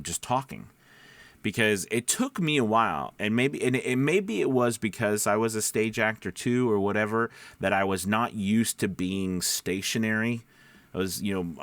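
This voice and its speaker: A man, a voice-over actor, giving casual advice that drifts off topic and back, speaking low from the back of his throat. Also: fairly bright tone, no room sound. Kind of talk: casual advice talk to camera. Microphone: studio microphone.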